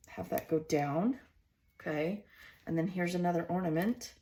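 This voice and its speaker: A woman's voice: lowish voice, normal speed, warm tone, a little hiss or hum. A woman with a Southern US accent hosting a casual scrapbooking vlog, thinking aloud in a chatty, self-questioning way as she arranges stickers. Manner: chatty, musing to herself while arranging stickers. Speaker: scrapbooking host.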